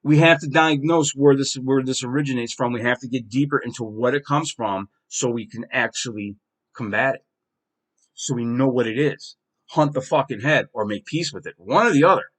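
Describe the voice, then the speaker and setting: A man's voice: mid-range voice, normal speed, fairly bright tone. A man hosting his own podcast, delivering a heated, profane solo monologue with strong emphasis. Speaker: podcast host.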